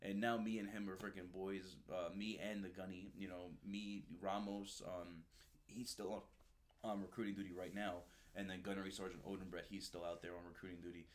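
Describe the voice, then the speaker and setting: Low-voiced animated male podcast host. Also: brisk. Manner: animated storyteller, swears freely. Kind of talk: casual interview chat.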